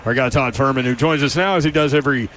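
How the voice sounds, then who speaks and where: A man hosting a sports talk radio show, reading the intro and sponsor lines briskly. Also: mid-range voice, a bit bright, slight background noise. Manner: brisk announcer reads. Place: radio row event space.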